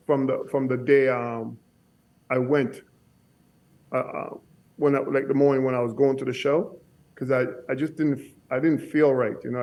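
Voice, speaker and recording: A man guest telling a story on a casual podcast, halting and often repeating his words. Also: mid-range voice, darkish tone. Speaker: guest bodybuilder.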